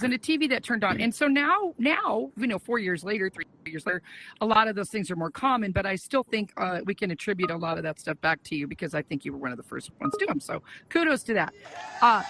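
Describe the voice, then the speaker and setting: A woman hosting a casual talk show, chatty and quick to laugh. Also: mid-range voice, big pitch swings, sharp tone, a little hiss or hum. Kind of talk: casual chat.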